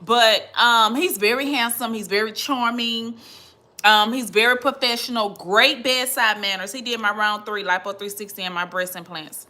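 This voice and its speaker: A young adult woman chats live with her viewers. Her voice sits high and sounds bright and forceful. She talks in an animated, gushing way and calls everyone girl and baby. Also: normal speed. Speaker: livestream host. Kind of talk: casual livestream chat with viewers.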